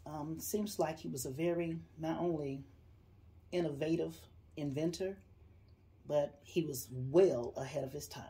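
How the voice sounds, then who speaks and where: Deep, mellow woman asking questions. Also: measured pace. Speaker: interviewer. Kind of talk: interview questions.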